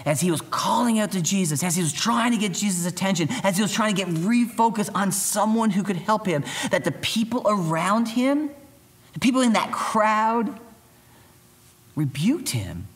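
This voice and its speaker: A man preaching a youth sermon as pastor, talking in a lively, conversational way and acting out the voices of people in the story. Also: high voice, moderate pace.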